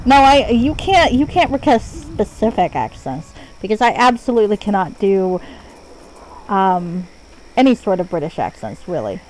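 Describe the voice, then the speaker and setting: A woman's voice: medium pitch, big pitch swings, moderate pace, a little mellow, a little hiss or hum, poor audio. Self-deprecating woman streaming a game. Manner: self-deprecating, swears when frustrated. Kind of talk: casual live-stream commentary. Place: home.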